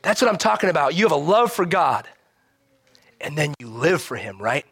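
A married man, a pastor, preaching a sermon with animated acted-out quotes and humor. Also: a little high, normal speed, slightly rough, dry recording. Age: adult married man.

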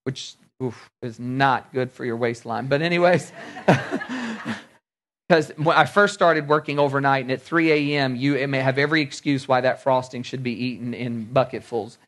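A man's voice: mid-range voice, normal speed, a bit bright. A man preaching a sermon, telling personal stories in a conversational way and acting out the dialogue. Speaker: pastor.

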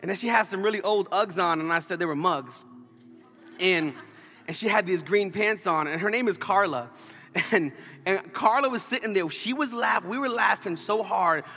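A bright, high-pitched man preaches to his church, telling a story with playful asides. His voice rings out in a long-reverb sanctuary with faint music underneath. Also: moderate pace. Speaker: pastor. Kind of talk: sermon.

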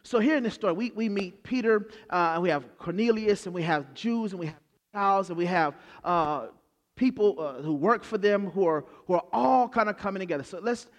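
High-voiced preacher guy telling the story casual style, doing the characters' lines, long echo like a big church. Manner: animated storytelling, acts out the characters. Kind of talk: sermon. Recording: long hall reverb.

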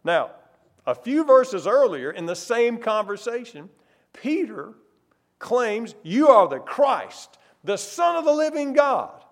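A man preaching a sermon, stressing words with sudden loud, slow phrases. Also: very high voice, very animated. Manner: emphatic, varies loudness and pace for stress.

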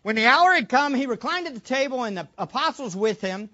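A man's voice: very high voice, animated, fairly quick, bright, forceful tone, muffled recording. A man preaching a sermon, asking questions of the congregation and stressing his points. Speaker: pastor.

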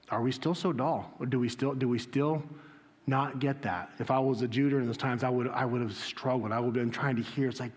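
A man preaching a sermon as pastor, reading scripture aloud and breaking into excited, high-pitched quoted speech. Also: brisk, long reverb tail. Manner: animated, voice jumps high when quoting Jesus. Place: church.

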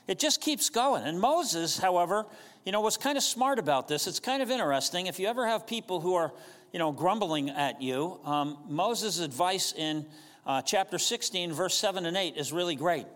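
Speaking in a large hall, the pastor has a high-pitched, fairly bright voice with lively intonation at normal speed. His sermon is casual and conversational, and he often asks the congregation questions.

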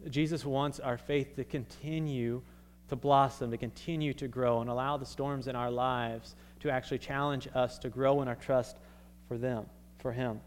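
Young pastor preaching casually. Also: male voice, mid-range voice, fairly even intonation, moderate pace, a little hiss or hum. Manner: conversational, many "like" fillers and restarts. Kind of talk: casual sermon.

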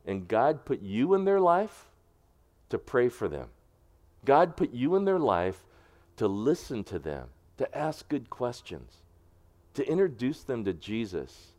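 A male pastor, preaching a sermon that swings between hushed and emphatic passages. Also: medium pitch, big pitch swings, measured pace.

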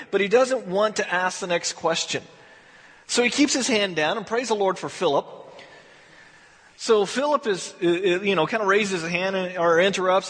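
Male pastor, high-pitched and husky, casual animated sermon, long church reverb. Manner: casual, animated, acts out the biblical characters. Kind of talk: conversational sermon.

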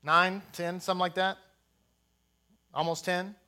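A man's voice: high-pitched, level tone, measured pace, sharp tone, smooth. A man preaching a sermon as rabbi, blunt and rousing, with jokey asides to the congregation.

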